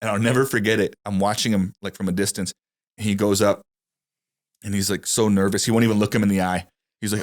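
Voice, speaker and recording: A young man hosting a casual podcast tells stories at a quick pace in a lowish voice. He's an animated storyteller, acting out the people in them and their quotes.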